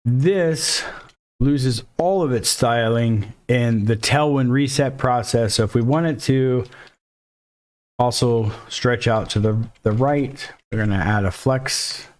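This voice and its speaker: A man talks through a coding lesson in a loose, conversational way, narrating each step as he goes. He cracks jokes at his own expense and reacts out loud to what he sees on screen. His voice sits at an ordinary middle pitch. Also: slow pace. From Mexico. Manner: jokey, thinks aloud, self-deprecating asides. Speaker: coding instructor.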